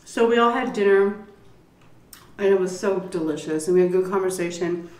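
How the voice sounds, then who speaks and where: A middle-aged woman vlogging while she eats, telling a story in a lively, cursing style. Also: mid-range voice, moderate pace. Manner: lively storyteller who curses and acts out quotes. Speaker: mukbang vlogger. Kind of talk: casual storytelling while eating. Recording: roomy, mic at a distance.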